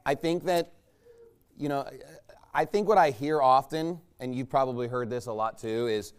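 Smooth-voiced man preaching casually. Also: medium pitch, moderate pace. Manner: conversational, rambling, asks listeners "right?". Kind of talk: sermon.

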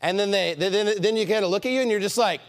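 A man preaching a sermon as pastor, in an animated, mocking and emphatic manner. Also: high voice, fast.

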